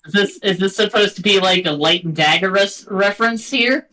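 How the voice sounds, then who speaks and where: A game master chatting casually with players at a tabletop game, animated and swearing freely. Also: medium pitch, moderate pace, faint music behind, poor audio.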